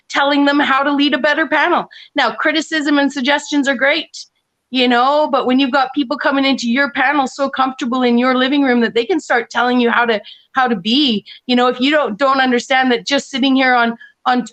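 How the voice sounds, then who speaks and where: A woman with a fairly high voice chats casually as a guest on an online panel. She rambles, restarts her sentences often and breaks into laughs along the way. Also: a bit bright.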